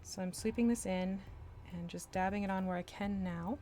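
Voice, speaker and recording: A woman's voice: mid-range voice, normal speed, dark tone, a little hiss or hum. A woman chatting casually on a live stream as she paints miniatures, laughing often and playing with voices.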